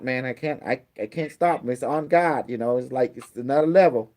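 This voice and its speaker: A man's voice: a little high, brisk, few pauses, a little mellow. A man giving a casual spiritual lesson to a small group, blunt and repetitive, swearing freely and acting out pleading prayers. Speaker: spiritual teacher.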